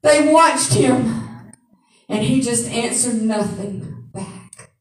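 A woman pastor preaching a sermon in call-and-response, rising to shouts at times. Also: a little high, drawn-out words. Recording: echoey room from far off.

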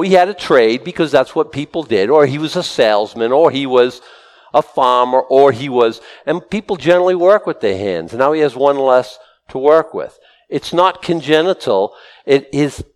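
A middle-aged man, a pastor, preaching a conversational sermon and getting animated, his voice jumping up when he is excited. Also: mid-range voice.

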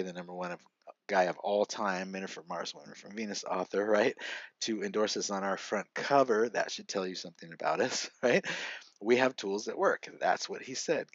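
A man's voice: deep voice, dry recording. A middle-aged man, a podcast guest, earnestly telling a personal story with frequent "right?" asides. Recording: dry, slightly muffled lo-fi audio.

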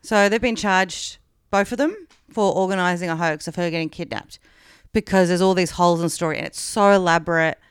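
Frank, chatty Australian woman co-host; smooth voice, dry close sound. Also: fairly low pitch, fairly quick, no room sound. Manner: chatty, frank, swears, many fillers. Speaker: podcast co-host. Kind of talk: casual chat, retelling a true-crime story.

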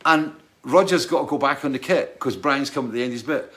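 A man's voice: mid-range voice, fast talker, sharp tone. A man who is a touring musician, telling a casual, rambling anecdote, keeps checking in with "right?" and laughing.

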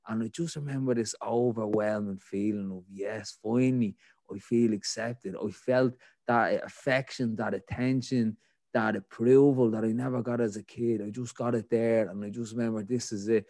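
A man with a Dublin Irish accent and a lowish voice tells his own story candidly as a podcast guest. He rambles, leaning on "like, you know" fillers. The sound is dry and close, with no room around it. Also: a little mellow, dry recording. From Ireland.

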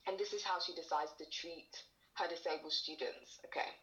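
A woman's voice: deep voice, steady tone, normal speed, a bit bright, dull audio. A young woman speaking candidly in a casual conversation, acting out the lines of people she talks about. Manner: candid storytelling with reenacted quotes. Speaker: guest.

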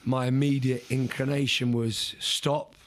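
A man telling a story as an interview guest, in a casual, animated way, repeating words and restarting sentences. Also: mid-range voice, normal speed, breathy edge.

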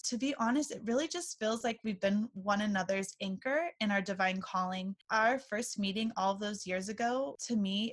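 Woman podcast host, 30s, chatty, warm storyteller, casual talk. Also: medium pitch. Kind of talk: casual chat.

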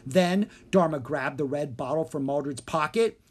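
A narrator reading a children's fantasy book aloud with steady storytelling. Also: mid-range voice, normal speed. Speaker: audiobook narrator.

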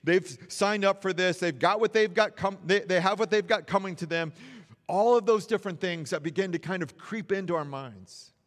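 A man's voice: sits high, moderate pace, long reverb tail. A man preaching a sermon in an earnest, encouraging way, repeating phrases for emphasis. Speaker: pastor.

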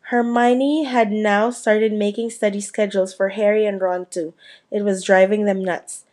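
A woman narrating a storybook chapter in a steady, unhurried reading voice. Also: mid-range voice. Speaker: audiobook reader.

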